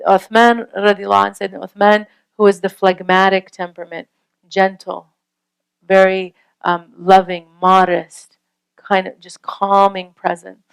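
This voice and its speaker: A woman's voice: mid-range voice, gravelly, clear, resonant tone, poor audio. A woman giving an earnest, conversational talk on parenting and faith, often checking in with her listeners with a rhetorical question. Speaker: Islamic parenting speaker. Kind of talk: casual lecture.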